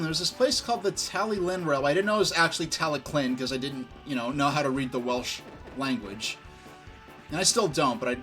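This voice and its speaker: A man's voice: a little high, fairly bright tone. A man from New York streaming a game, chatting casually and telling rambling, enthusiastic stories. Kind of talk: casual gaming stream chat.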